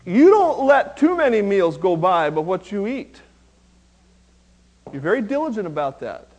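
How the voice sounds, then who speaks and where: A man with a high voice delivering a sermon in an animated, joking way. He leans on his words and drops into quick acted-out bits. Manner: animated, humorous preaching with acted-out quotes. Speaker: pastor.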